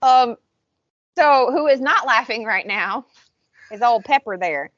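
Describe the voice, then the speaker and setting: A woman co-hosting a podcast, chatting casually and recapping episodes with animated storytelling. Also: on the high side, a little slow, dry recording, muffled recording. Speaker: podcast co-host. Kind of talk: casual chat.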